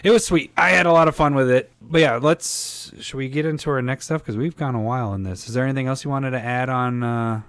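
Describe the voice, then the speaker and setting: A man's voice: mid-range voice, quick pace, few pauses, fairly bright tone, clear, resonant tone, no echo. A man co-hosting a podcast about a card game, talking casually, rambling and laughing often. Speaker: podcast co-host.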